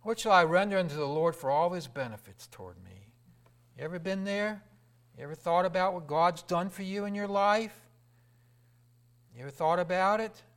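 A middle-aged man, preaching a sermon, swinging from raised, fervent lines to hushed whispers. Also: high-pitched.

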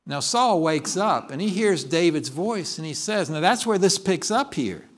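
A male pastor delivering a sermon, telling a story in an animated way and often correcting himself mid-sentence. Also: sits high, moderate pace. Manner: animated storytelling, with frequent restarts and self-corrections.

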